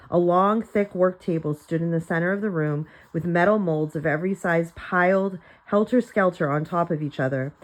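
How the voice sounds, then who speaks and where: A woman's voice: lowish voice, poor audio. Woman reading a children's novel aloud. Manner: plain storytelling with light character voices and small slips. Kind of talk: reading a chapter book aloud for students.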